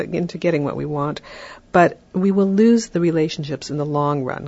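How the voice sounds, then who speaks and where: A podcast host giving parenting advice in a calm, explanatory way, often checking in with "right?". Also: mid-range voice, dull audio.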